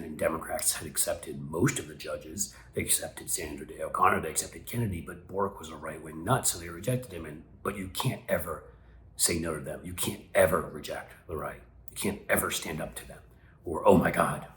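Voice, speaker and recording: Very deep-voiced sarcastic man, roomy echo. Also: fairly bright tone, a little hiss or hum. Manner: sarcastic, mocking. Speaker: political commentary host. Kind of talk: casual political commentary.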